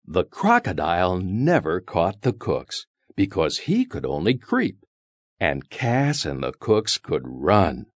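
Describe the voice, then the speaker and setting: A man reading a children's story aloud in a slow, expressive, sing-song way. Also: low voice, no echo.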